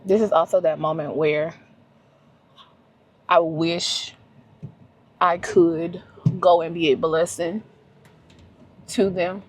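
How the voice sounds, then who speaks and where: A woman's voice: fairly low pitch, fairly even intonation, takes it slowly, long pauses, a little mellow, breathy edge. A woman, talking to herself on a casual, emotional solo travel vlog from her car. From Louisiana, US. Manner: chatty, emotional, talks to herself. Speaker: vlogger. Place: in a car and a restaurant.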